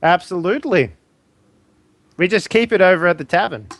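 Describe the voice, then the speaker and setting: A man's voice: high voice, lively intonation, normal speed, a bit bright. A man playing in a tabletop game, joking, laughing and swearing in character. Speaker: player.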